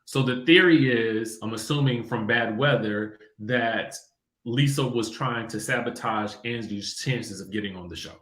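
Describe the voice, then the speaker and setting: Animated man hosting a chat. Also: mid-range voice, echoey room. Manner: animated, quick, laughs often. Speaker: podcast host. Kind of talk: casual chat.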